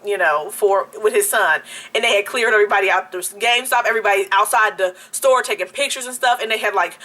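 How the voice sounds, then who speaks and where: A young woman vlogger telling a story-time anecdote in a casual, animated way, laughing often. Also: a little high. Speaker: beauty YouTuber.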